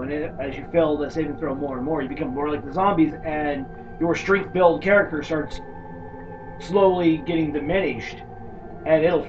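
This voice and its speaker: A man chatting casually about tabletop horror games, an animated storyteller who swears freely. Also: fairly high pitch. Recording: distant dull mic with faint background noise.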